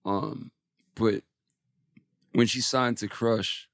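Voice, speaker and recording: Gravelly man telling a candid story. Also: on the low side, steady tone, very slow, a bit bright, no echo, studio quality. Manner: candid, emotional, swears freely. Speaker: guest musician. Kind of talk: casual interview storytelling.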